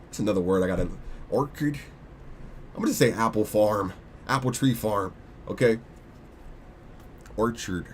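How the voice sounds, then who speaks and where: Young dude rambling on a stream, slangy, keeps restarting, slight hiss in the background. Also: male voice, lowish voice, moderate pace, pauses often. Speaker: crypto livestream host. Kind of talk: casual livestream chat.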